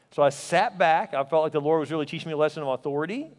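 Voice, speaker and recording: A man's voice: fairly high pitch, racing, few pauses. A middle-aged man preaching a sermon as pastor, telling stories animatedly and acting out the voices he quotes. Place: church sanctuary. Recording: long reverb of a church hall.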